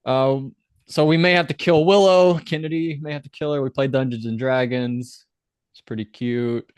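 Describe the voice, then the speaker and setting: Man, casual podcast recap, blunt and sweary, mid-pitched voice, dry close sound. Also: fairly even intonation, normal speed, clear, resonant tone, dry recording. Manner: blunt, swears freely, acts out quotes in jumpy voices. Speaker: podcast co-host.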